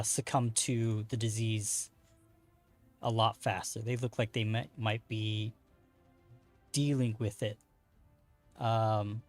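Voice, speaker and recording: Male game master, mid-pitched, halting narration full of fillers, faint music behind. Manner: hesitant, filler-heavy narration.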